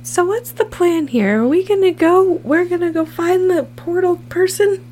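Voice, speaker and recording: A prim little scout girl who scolds and lectures the grown-ups, high-pitched with a mellow, dark tone, played by a woman. It's a tabletop role-play voice, close to the player's own. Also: normal speed, slight background noise. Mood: curious. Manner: scolding, proper.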